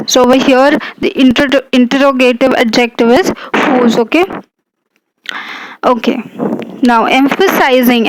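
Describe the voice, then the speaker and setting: A woman's voice: high-pitched, no room sound, low-quality recording. A woman teaching a grammar lesson, explaining step by step with fillers and frequent check-ins to her students.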